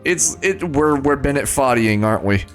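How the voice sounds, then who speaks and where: Excitable swearing male game streamer. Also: medium pitch, normal speed, soft background music. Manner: excitable, self-mocking, swears a lot, sudden yelps. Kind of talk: live gameplay commentary.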